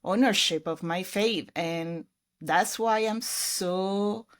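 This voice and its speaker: A woman's voice: mid-range voice, takes it slowly. A middle-aged woman from Colombia, speaking with a Colombian accent as a podcast guest, telling her story in an earnest, reflective way. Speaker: ministry program director, podcast guest. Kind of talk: casual interview.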